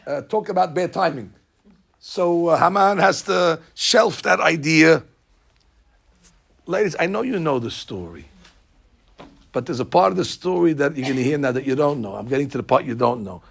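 A man giving a lively, jokey storytelling lesson as a religious teacher. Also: fairly high pitch, normal speed, creaky, long pauses, breathy edge. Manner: lively, jokey, acts out scenes.

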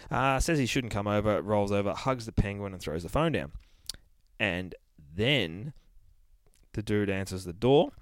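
A man's voice: fairly low pitch, lively intonation, a little slow, no room sound. A man hosting a podcast, recapping a comic in a loose, profane, rambling way with lots of fillers. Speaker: podcast host reviewing a comic.

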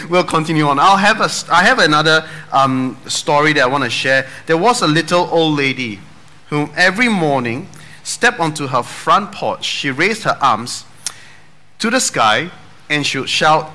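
Bright-voiced joking male preacher. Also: fairly high pitch, animated, measured pace. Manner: casual and joking, with dad jokes and rhetorical questions. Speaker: pastor. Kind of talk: sermon.

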